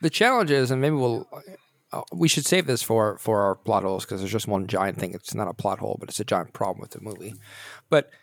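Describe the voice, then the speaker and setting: A man's voice: lowish voice, brisk, creaky, dry recording, studio quality. Blunt wry man reviewing a film. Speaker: podcast co-host. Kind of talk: casual movie review chat.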